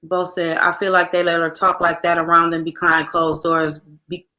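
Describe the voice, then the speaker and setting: A woman's voice: lowish voice, completely flat delivery, moderate pace, sharp tone. A woman co-hosting a podcast in casual talk, telling stories emphatically and speaking, often repeating herself and restarting her sentences. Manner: emphatic, repetitive, storytelling with restarts. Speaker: podcast co-host. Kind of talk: casual opinion talk reading listener comments.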